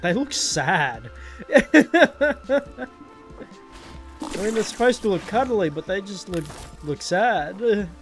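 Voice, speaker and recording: Male let's-play streamer, fairly high voice, casual chuckling commentary. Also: sing-song, slow pace, long pauses, a bit bright, faint music behind. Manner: chuckling, offhand remarks. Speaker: gaming streamer.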